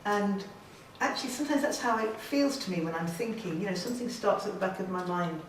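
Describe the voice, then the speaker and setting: A woman speaks as an artist giving an informal gallery talk, chatty and self-deprecating with bursts of enthusiasm. Her voice sits at a middle pitch and carries from some distance off the microphone. A heavy echo from the gallery room hangs around every word. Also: a little fast, slight background noise. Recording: very echoey room, voice from afar.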